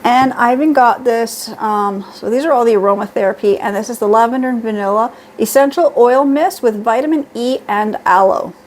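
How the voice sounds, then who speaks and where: A middle-aged woman with a fairly high voice talks her way through a shopping haul at home. She reads out labels and prices in a chatty, easygoing way. A faint hum sits under her voice. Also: brisk, few pauses. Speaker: beauty vlogger. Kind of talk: casual product haul.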